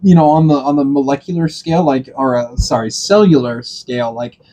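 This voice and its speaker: A man's voice: mid-range voice, brisk, mellow. A man co-hosting a podcast, talking bluntly in a joking, profane way. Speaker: podcast co-host. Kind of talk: casual chat.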